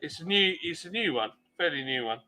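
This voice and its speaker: A man's voice: a little high, lively intonation, a little fast, sharp tone. A man co-hosting a casual livestream chat, talking in a laid-back way about a car a friend is selling. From United Kingdom.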